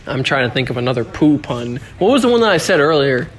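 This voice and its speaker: A man hosting a casual solo podcast, joking around, swearing a lot and breaking into sudden yells. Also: a little high, fast, few pauses. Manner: profane, joking, with sudden yelling outbursts. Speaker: podcast host.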